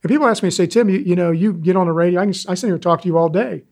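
A man in his sixties, an animal rescuer telling stories in an interview, animated and folksy. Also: high voice, rapid-fire. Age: 60s. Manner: animated, folksy storyteller, acts out quoted callers. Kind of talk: interview talk, storytelling.

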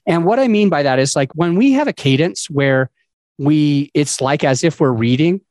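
A man's voice: a little high, lively intonation, moderate pace, a little mellow, dry recording. Man with a dry, close voice. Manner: conversational, loose, with fillers and restarts. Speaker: podcast host. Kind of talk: casual advice talk.

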